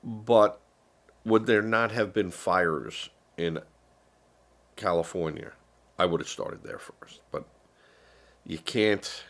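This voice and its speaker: Older man, deep gravelly voice, slow rambling sarcastic stream commentary, sounds unwell. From United States. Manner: rambling, sarcastic, many fillers. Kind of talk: casual political commentary.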